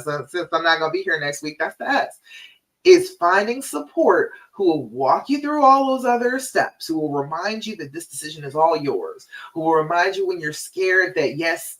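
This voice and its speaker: A woman's voice: low voice, recorded from a distance, rough recording. A woman relationship coach giving a live-streamed talk, emphatic and direct, repeating her key points.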